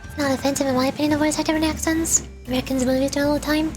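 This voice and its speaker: Chatty high-voiced young woman streamer. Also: steady tone, racing, over music. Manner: chatty, rambling, laughs often. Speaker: VTuber streamer. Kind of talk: casual stream chat and game voice acting.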